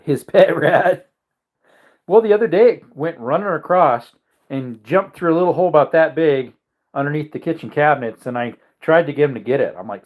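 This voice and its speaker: A man vlogging from his home kitchen in a rambling casual chat, wandering between topics and talking to his dogs. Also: mid-range voice.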